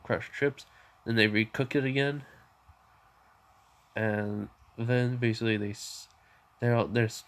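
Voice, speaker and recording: A man's voice: on the low side, fairly bright tone. A man tells a fan-made story off the cuff. He rambles, leans on filler words and often restarts his sentences. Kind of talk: casual improvised storytelling.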